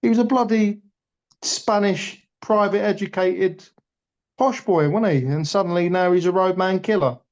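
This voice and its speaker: A fired-up man talking boxing in casual chat, blunt and quick to swear. His voice sits a touch high for a man. The recording is dull and lo-fi. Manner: blunt, passionate, swears freely. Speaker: boxing pundit. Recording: dull lo-fi audio.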